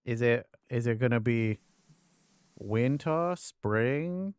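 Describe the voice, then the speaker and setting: A man's voice: mid-range voice, measured pace, clean tone, dry recording, studio quality. A man streaming a game, chatting casually, thanking viewers and answering chat.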